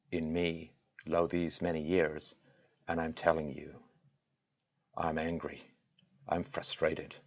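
Male host, very low voice, impassioned rhetorical monologue, lo-fi sound. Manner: impassioned, rhetorical, swings from loud to quiet. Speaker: show host. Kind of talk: direct-to-camera address.

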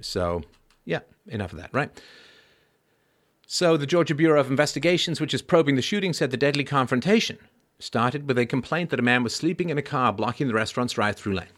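A man's voice: mid-range voice, animated, brisk. A man hosting a commentary show, reading news reports aloud and breaking off into sarcastic, mocking asides. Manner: mocking, wry asides, swings from loud sarcasm to mumbled remarks. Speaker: podcast host.

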